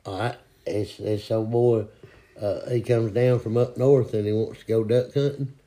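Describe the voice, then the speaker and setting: A man's voice: lowish voice, steady tone, normal speed, warm tone. A man telling jokes in an easygoing way. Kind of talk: casual joke telling.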